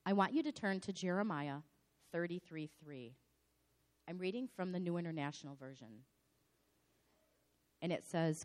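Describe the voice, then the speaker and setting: A slightly hoarse woman pastor giving a sermon in a dramatic, animated storytelling manner. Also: fairly low pitch, normal speed, long pauses.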